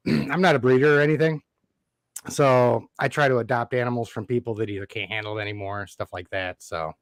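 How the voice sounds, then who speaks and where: Guest, man, easygoing chatter on a call, medium pitch, very dry. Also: fairly even intonation, fairly quick, no echo. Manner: easygoing, laughs between stories. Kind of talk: casual live chat.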